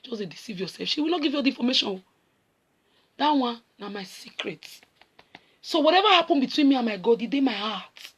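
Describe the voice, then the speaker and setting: A middle-aged Nigerian woman preaches with a high voice. Her pitch rises and falls a great deal. She slips between Pidgin and English and acts out the voices in the scripture as she goes. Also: expressive, fairly quick, husky. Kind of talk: sermon.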